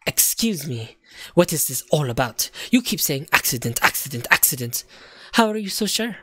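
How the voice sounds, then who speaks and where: A man voicing a cold, scheming female director villain in a video game, speaking slowly and menacingly in a lowered voice. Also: big pitch swings, a bit bright, husky, no room sound, full character voice.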